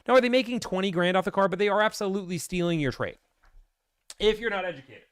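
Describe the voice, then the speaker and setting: A man hosting a casual Q&A stream, blunt and ranting, acting out salesmen in quick put-on voices. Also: high voice, animated, clean tone, no echo, studio quality. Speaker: host answering viewer questions. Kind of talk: casual livestream Q&A.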